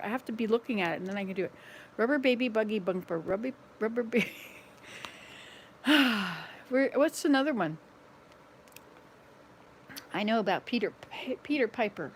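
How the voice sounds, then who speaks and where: With a voice on the high side, a sixty-something vlogger chats casually at normal speed, leaving long pauses as she walks from room to room at home. She's rambling and playful, laughing at her own slip-ups, and there's slight background noise.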